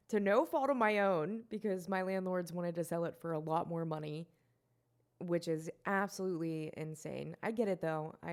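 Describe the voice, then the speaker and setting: A woman's voice: on the low side, a little mellow. A woman in her twenties hosting a solo podcast, rambling and self-mocking, swearing and laughing often. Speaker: podcast host.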